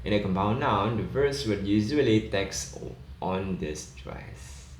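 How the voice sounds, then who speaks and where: A man explaining an English pronunciation lesson in a slow, measured way, pausing on fillers as he goes. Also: lowish voice. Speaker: lecturer. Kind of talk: recorded lesson explaining rules. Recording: echoey room, faint background noise.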